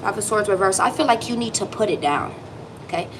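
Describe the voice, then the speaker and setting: A woman's voice: medium pitch, fairly quick, noisy background. A woman giving a tarot reading straight to her viewer, emphatic and reassuring, swearing casually as she goes. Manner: lively, emphatic, swearing, speaks directly to the viewer. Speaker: tarot reader.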